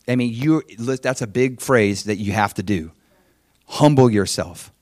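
A man's voice: mid-range voice, a little slow, darkish tone, no echo, studio quality. A man preaching a sermon as pastor, emphatic and conversational, often checking in with his listeners. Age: adult father with children.

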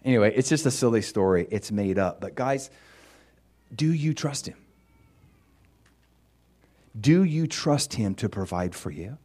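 A man's voice: on the low side, animated, measured pace, pauses often, darkish tone. A male pastor preaching a sermon in a conversational, storytelling way.

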